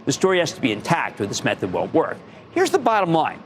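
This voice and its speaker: A man's voice: a little high, huge pitch swings, fast talker, faint music behind. A middle-aged man hosting a stock market show, giving emphatic investing advice and repeating words for punch. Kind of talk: energetic investing advice monologue.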